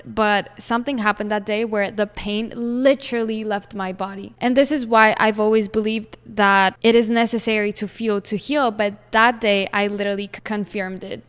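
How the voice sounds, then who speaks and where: Smooth-voiced woman podcast host, candid. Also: mid-range voice. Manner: candid, emphatic, repeats phrases, swears casually. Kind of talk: personal storytelling monologue. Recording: long reverb.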